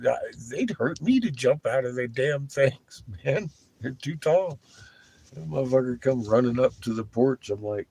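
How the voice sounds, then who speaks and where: A man's voice: fairly low pitch, wildly swooping pitch, a little slow, vocal fry, warm tone, husky, no echo, low-quality recording. A laid-back man vlogging from the road, who chats casually, swears freely and often laughs. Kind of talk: casual chat.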